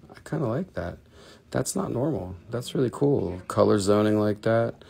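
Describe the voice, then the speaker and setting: Gravelly chatty man selling crystals. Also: lowish voice, lively intonation, normal speed, a little mellow. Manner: chatty, jokey, plays with a put-on accent. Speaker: host of a live crystal sales show. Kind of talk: casual live-stream selling.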